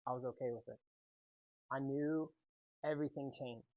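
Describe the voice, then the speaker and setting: A man giving a youth sermon, telling a personal story with lively energy and often checking in with the audience. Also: medium pitch, normal speed, narrow, tinny audio. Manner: animated storytelling, keeps checking in with "right?". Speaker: youth speaker.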